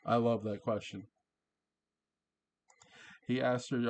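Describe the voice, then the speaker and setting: A man's voice: lowish voice, flat delivery, a little slow, long pauses, darkish tone. A man casually recapping a TV episode, chatty and laughing often, quoting lines in passing. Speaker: show reviewer.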